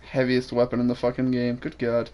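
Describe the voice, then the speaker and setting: A man's voice: mid-range voice, completely flat delivery, a little fast, mellow. A young man streaming a game, chatting crudely and joking while he works out weapon damage aloud. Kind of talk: casual gaming chat.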